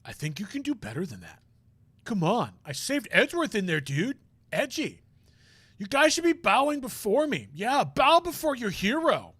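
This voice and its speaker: A man voicing a brash, goofy young man in a visual novel read-aloud, cocky, loud and slangy. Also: high voice, wildly swooping pitch, moderate pace, breathy edge, no echo, voice pushed up, heavily acted.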